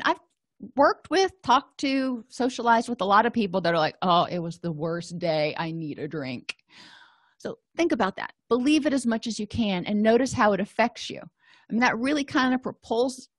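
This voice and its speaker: In a mid-range voice with no echo, a woman counselor and trainer teaches an educational lecture. She keeps it conversational, drawing on everyday examples and voicing self-talk as quotes.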